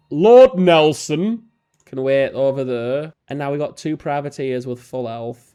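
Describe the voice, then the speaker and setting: A young man, casually commentating his strategy game, chatty and self-mocking, now and then jumping into silly high voices. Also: dark tone. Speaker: let's play host.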